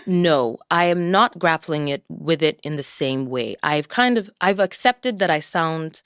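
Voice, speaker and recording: A woman's voice: low-pitched, expressive, measured pace, fairly bright tone, clear, resonant tone, no echo, studio quality. Woman with a mixed Kenyan-American accent. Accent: mix of Kenyan and American. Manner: thoughtful and candid, laughs often. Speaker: actress and guest. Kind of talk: podcast conversation.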